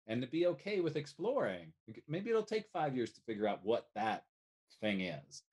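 A man talking as a life coach guest in a casual podcast conversation, animated and casually swearing. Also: medium pitch, moderate pace. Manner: animated, swears casually, acts out little quoted voices.

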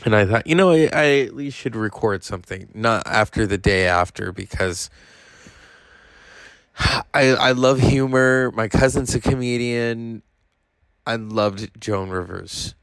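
A man's voice: mid-range voice, a little slow, a bit bright, clear, resonant tone, no room sound. A tired man hosting a podcast, talking in a casual, rambling monologue and swearing freely. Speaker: podcast host.

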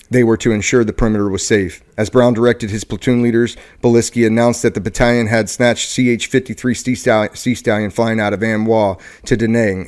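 Podcast host guy reading a book out loud, lowish voice, fixes his slips as he goes. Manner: steady reading with occasional stumbles and self-corrections. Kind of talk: reading a book passage aloud.

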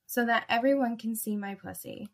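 A woman reading the lines of a bubbly, playful young woman with an excited lift. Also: on the high side, moderate pace, vocal fry.

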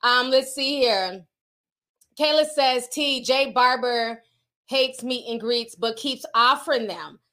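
A slow, high-leaning voice belongs to a middle-aged woman from the northern US who is hosting a livestream. She chats casually, tells stories and reads comments from her viewers, telling them chattily and giving animated voices to quotes.

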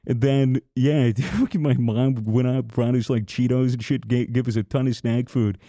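A man's voice: mid-range voice, fairly even intonation, moderate pace, mellow, no echo, studio quality. A young man, a podcast host, telling a rambling, profane story in casual chat with lots of restarts.

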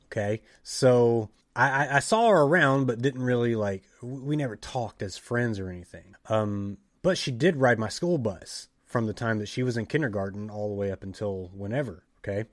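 A middle-aged man, telling a story in a casual chat, animated and often restarting his sentences. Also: mid-range voice, normal speed, hardly any pauses, no echo, studio quality. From Tennessee. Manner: animated, self-interrupting storyteller. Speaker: podcast storyteller.

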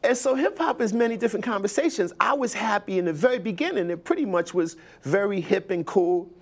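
Older man, animated storytelling guest. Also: high voice, a little fast. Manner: animated, quotes others in lively bursts. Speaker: interview guest, hip hop pioneer. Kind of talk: conversational storytelling.

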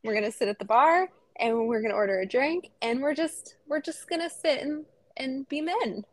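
Speaking at a normal speed in a high-pitched voice, this thirty-something woman co-hosts a podcast. She's a chatty storyteller who laughs a lot during the casual conversation.

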